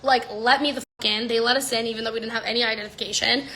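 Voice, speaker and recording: A young woman telling a story in an animated, casual way, swearing and saying "like" a lot. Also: on the high side, rapid-fire, a little hiss or hum. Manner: animated, swearing, heavy use of "like".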